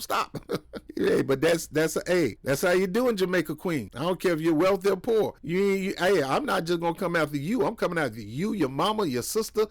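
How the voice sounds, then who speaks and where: Give me a heated, trash-talking man, slightly high voice, recorded dry and close. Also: no room sound. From New York. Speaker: political commentator. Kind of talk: casual reaction commentary.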